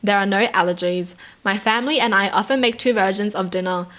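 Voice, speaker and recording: She's an Australian woman speaking a little fast in a medium-pitched, somewhat bright voice as she reads online stories aloud. Her casual commentary is full of "like" and "dude," plus the occasional giggly aside.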